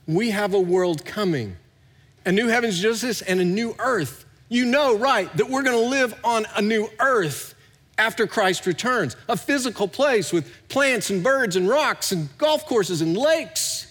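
Middle-aged pastor preaching, voice a bit high, big echoey church hall. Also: male voice, a little slow. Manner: animated preaching, swinging from hushed to loud. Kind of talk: sermon. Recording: long hall reverb.

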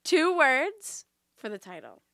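A woman's voice: sits high, big pitch swings, slow pace, a bit bright, no room sound, clean studio sound. A woman co-hosting a podcast, teasing her co-host and breaking into laughter during a word game. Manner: giggly, teasing, bursts into laughter. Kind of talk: casual chat, word game.

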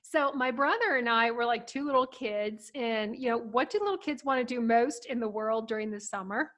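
A middle-aged woman from Ohio hosting, telling family stories in a chatty, animated way with frequent laughter. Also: fairly high pitch, normal speed. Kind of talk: casual storytelling.

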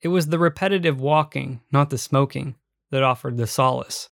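A man giving measured, reflective first-person audiobook narration. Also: medium pitch, vocal fry, fairly bright tone, no room sound, clean studio sound.

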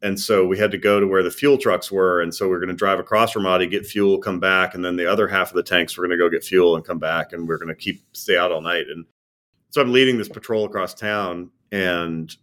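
A middle-aged man with a deep, low voice tells of his combat days as a former army commander. His speech is conversational and halting, full of pauses, fillers and restarts. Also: fairly even intonation, a bit bright. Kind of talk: personal war recollection, conversational.

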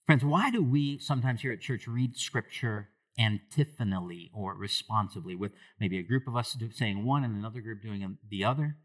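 Preaching to a church congregation, a male pastor asks them questions while his delivery swings from quiet, low passages to loud, raised ones.

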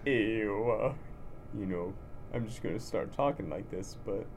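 A man voicing an earnest, gruff male boxer hero in a comedic impression, mumbling with lots of filler words. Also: lowish voice, unhurried, darkish tone, a little hiss or hum. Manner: mumbled, full of "you know" fillers.

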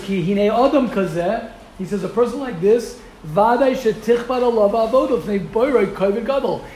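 A man teaching a religious ethics class in an animated way, asking rhetorical questions and repeating himself for emphasis. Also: high-pitched, a little hiss or hum. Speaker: Torah teacher. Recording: roomy echo.

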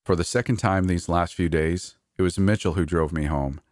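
Deep-voiced man narrating a horror story. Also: normal speed, hardly any pauses, dry recording, clean studio sound.

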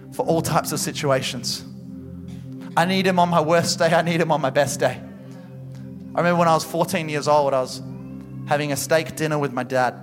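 High-voiced passionate male preacher. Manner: passionate, building to loud exhortation. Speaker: pastor. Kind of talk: sermon. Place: church service.

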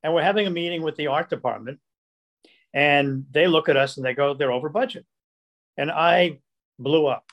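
Older man telling lively showbiz stories. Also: a little high, moderate pace, long pauses. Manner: animated, acts out quoted dialogue. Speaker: producer. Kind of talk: casual storytelling.

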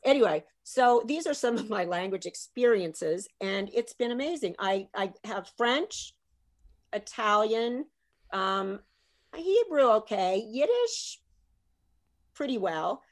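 A middle-aged woman tells funny stories as a guest in a relaxed conversation. She is animated and jokey, often laughing between her lines. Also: on the high side, takes it slowly. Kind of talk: comic storytelling in casual chat.

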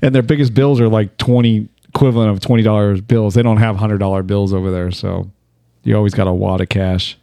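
A man's voice: lowish voice, steady tone, a little fast, creaky, warm tone, clear, resonant tone, no room sound. A man in a casual chat, telling laid-back stories and laughing at his own jokes.

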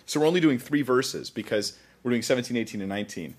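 A man's voice: mid-range voice, fast. A male pastor teaching scripture in a chatty, self-deprecating way, with frequent laughs. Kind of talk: conversational Bible teaching.

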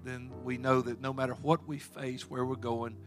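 A man preaching a sermon as pastor of a church, telling homespun stories and rising to loud exhortation when he leads praise. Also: medium pitch, flat delivery, normal speed, soft background music. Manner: folksy storytelling with plain asides.

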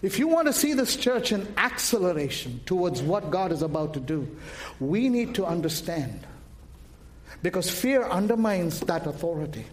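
A male preacher delivers a sermon in a high voice that rises to shouts and drops low again. He calls questions straight to the congregation and keeps them answering. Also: sing-song, moderate pace, a little hiss or hum.

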